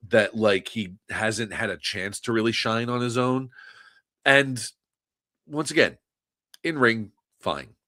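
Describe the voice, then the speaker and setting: A man's voice: medium pitch, takes it slowly, pauses often, bright, forceful tone. A man co-hosting a wrestling podcast in casual chat, making dry, wry remarks with stammering restarts. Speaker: podcast co-host.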